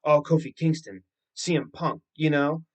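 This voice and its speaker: A young man hosting a podcast, telling a story in an animated, rambling way and swearing freely. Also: fairly high pitch, moderate pace. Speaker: podcast host. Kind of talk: casual solo podcast storytelling.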